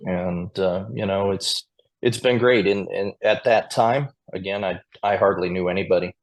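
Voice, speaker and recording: Deep-voiced guy from montana, square dance caller, rambling friendly stories on a podcast. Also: moderate pace. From Montana, USA. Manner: chatty anecdotal storyteller, chuckling now and then. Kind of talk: casual storytelling interview.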